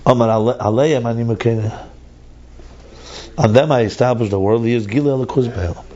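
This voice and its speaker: A man's voice: mid-range voice, a little fast, mellow, dull audio. A man teaching a text study class, thinking aloud and repeating words as he reads and explains.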